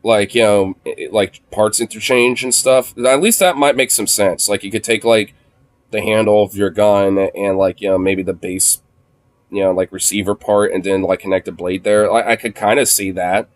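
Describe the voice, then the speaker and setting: A man with a low-pitched voice, chatting casually on a game stream. He swears freely and laughs often, and drops into a soft, cooing baby talk whenever he speaks to his dog. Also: steady tone, normal speed, dry recording. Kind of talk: casual gaming stream chat.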